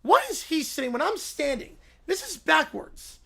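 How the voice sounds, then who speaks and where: A performer voicing a bratty, demanding young child who whines and shouts complaints. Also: high-pitched, sing-song, normal speed, vocal fry, heavily acted. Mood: whiny.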